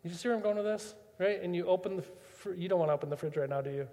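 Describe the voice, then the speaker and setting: A man's voice: sits high, very fast, warm tone, long reverb tail. A man preaching a sermon as pastor, chatty and full of rhetorical questions.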